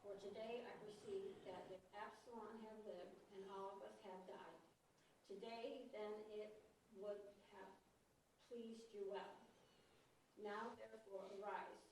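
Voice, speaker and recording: A woman's voice: medium pitch, fairly even intonation, measured pace, darkish tone. Woman, class member reading scripture aloud; distant mic, very echoey room, noisy.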